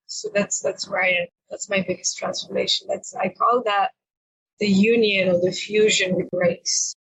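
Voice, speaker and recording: A woman of middling pitch talks as an interview guest. She reflects on her own experience in an earnest, soft-spoken way, often pausing on fillers and repeating words as she searches for them. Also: fairly even intonation, husky, poor audio. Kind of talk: reflective personal interview talk.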